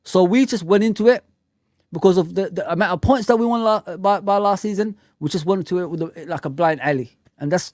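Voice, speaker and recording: A man with a high voice hosts a live fan chat, sounding blunt and fired up, dropping slang between points. The sound is close and dry, with no room around it. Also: no echo. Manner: animated, blunt ranting with slang asides. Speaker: fan channel host.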